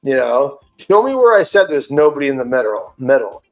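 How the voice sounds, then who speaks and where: A podcast host, a man, retelling an online argument in a casual, animated and profane way. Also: mid-range voice, a little fast, reverberant, faint music behind, poor audio. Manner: animated, profane, indignant storytelling.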